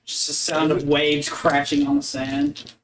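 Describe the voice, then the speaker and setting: A man joins a tabletop game, chatting casually and often joking. His voice is high and gravelly, lively in pitch, and he talks slowly. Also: roomy sound, background noise. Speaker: player.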